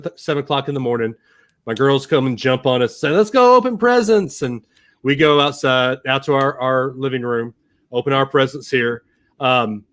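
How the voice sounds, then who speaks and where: A man's voice: medium pitch, fairly bright tone. An American man in his thirties hosting a podcast, casual and jokey, laughing often and repeating words. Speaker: podcast host. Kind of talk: casual chat.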